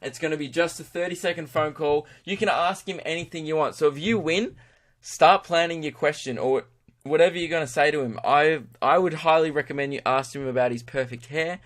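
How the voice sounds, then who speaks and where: A man's voice: a little high, fairly quick, fairly bright tone. Young aussie guy rambling on his podcast, crude jokes, makes fun of himself. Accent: Australian. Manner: rambling, crude, self-mocking. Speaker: podcast host. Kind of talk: casual podcast monologue.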